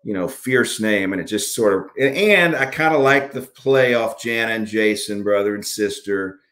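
A man with a Southern drawl speaks in a lowish voice. He rambles through his answers, full of "you know" and restarts, as if chatting on a video call. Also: moderate pace, fairly bright tone. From Alabama, US. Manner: rambling, many fillers and restarts. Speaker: author guest. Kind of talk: conversational interview answers.

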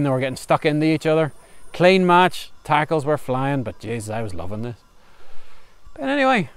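Lively storyteller man. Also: fairly high pitch, gravelly, clear, resonant tone, dry recording. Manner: chatty, humorous yarn-spinning. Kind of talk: spoken folk storytelling. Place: outdoors under a tree on a farm. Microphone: camera recording outdoors.

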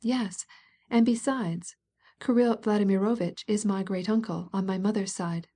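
A woman's voice: mid-range voice, fairly even intonation, moderate pace, dark tone, slightly rough, close to an everyday voice. A woman playing a knowing, self-important princess. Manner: confiding, significant, half-whispered.

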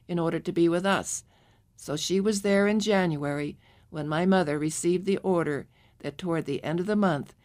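Low-voiced woman reading a memoir. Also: a little mellow. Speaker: audiobook narrator. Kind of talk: scripted memoir narration.

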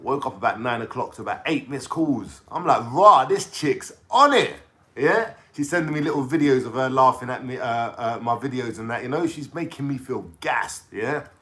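A young man from London talks straight to his viewers, piling up slang and asides as he tells a long story. He keeps checking in with a quick "yeah?" and drifts off on tangents before picking the thread back up. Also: medium pitch. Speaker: vlogger telling a story. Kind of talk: casual storytelling vlog.

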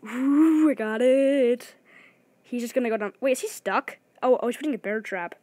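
A woman giving excited gameplay commentary, talking fast and restarting her sentences often. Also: on the high side, no room sound. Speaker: gaming video creator.

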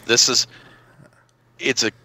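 A man's voice: takes it slowly, sharp tone, rough recording. A man hosting a podcast, explaining game rules as a game master in casual chat. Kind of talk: casual chat about tabletop games.

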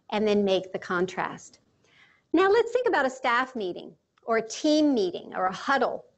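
A woman leading a guided mindfulness talk, speaking calmly and slowly with deliberate pauses. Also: fairly high pitch. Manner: calm, slow and measured, with deliberate pauses. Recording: dull lo-fi sound with faint music.

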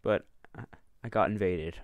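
A man's voice: lowish voice, moderate pace, no echo. Jumpy man voicing a game playthrough. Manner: jumpy, swings between panicked yelling and calm remarks. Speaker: gaming video creator. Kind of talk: let's play commentary.

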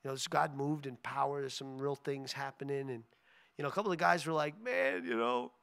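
A man's voice: medium pitch, steady tone, quick pace, a bit bright. A male pastor giving an informal sermon that turns into a prayer, rambling and folksy with many asides, then praying earnestly and repeating "Lord". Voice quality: gravelly.

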